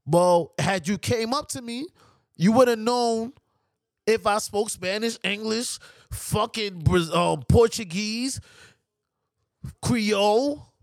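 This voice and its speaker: High, lively New man storyteller. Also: takes it slowly, pauses often, dry recording, clean studio sound. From New York. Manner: animated, profane, mimics others' voices. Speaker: podcast guest. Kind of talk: casual storytelling.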